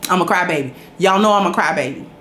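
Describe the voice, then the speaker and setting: A woman's voice: lowish voice, quick pace, a bit bright, reverberant, a little hiss or hum. Emphatic woman talking to her chat. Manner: conversational, emphatic, preachy when making points. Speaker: host. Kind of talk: casual storytelling talk to a live chat.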